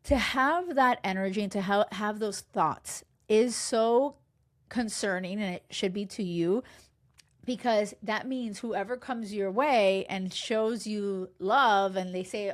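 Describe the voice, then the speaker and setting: A woman dating coach recapping a reality show in casual chat, emphatic and animated, swearing freely and acting out quotes. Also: medium pitch, unhurried. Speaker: love and dating coach, podcast host.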